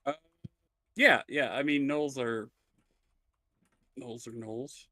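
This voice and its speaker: A man's voice: medium pitch, steady tone, pushed and bright, no room sound. A man acting as game master, answering the players in a plain, hesitant way. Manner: slow, hesitant, plain-spoken. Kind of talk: running a tabletop game.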